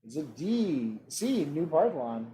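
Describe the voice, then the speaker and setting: A man hosting an online trivia game. He reads out multiple-choice questions and adds relaxed joking asides. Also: fairly high pitch, a little slow, slight background noise. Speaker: trivia quiz host.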